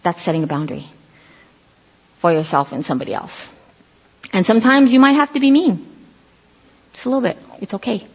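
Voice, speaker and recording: Husky woman preaching in a hall. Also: medium pitch, a little fast, pauses often. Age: middle-aged. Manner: animated storytelling, acts out quoted voices. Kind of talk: casual sermon. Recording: dull lo-fi audio in a reverberant hall.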